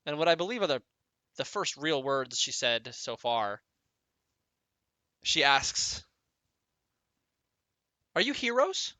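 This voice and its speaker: Bright, animated man running a tabletop game. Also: medium pitch, slow, long pauses, no echo. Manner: laughs often, trails off and restarts. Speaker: dungeon master. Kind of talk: casual tabletop game narration.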